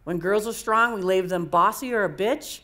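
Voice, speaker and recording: Speaking at a moderate pace in a medium-pitched, fairly bright voice, a female coaching speaker relates her own stories to an audience. She sounds candid and conversational, with plenty of repetition.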